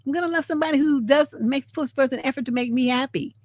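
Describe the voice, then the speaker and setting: A woman relationship coach hosting a live stream, talking in a blunt, sassy, profane and animated way. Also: sits high, fast talker, no echo. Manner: animated, laughs often. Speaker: relationship coach and show host. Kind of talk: casual live-stream commentary.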